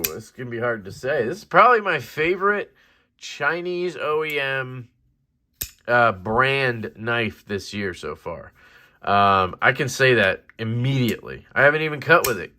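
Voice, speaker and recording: A young man casually reviewing a knife in a rambling, excited vlog, swearing now and then. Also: medium pitch.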